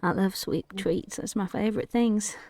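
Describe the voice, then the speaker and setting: A woman with a British accent voicing a gentle, childlike male scarecrow full of stuffing, in a hesitant and innocent way. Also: medium pitch, normal speed, no room sound, natural voice. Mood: cheerful. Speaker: dungeon master.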